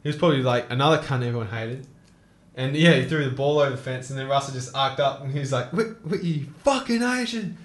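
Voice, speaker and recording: A man's voice: medium pitch, fairly even intonation, fast talker, echoey room. A young man telling stories in casual chat, laughing and swearing often. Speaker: co-host.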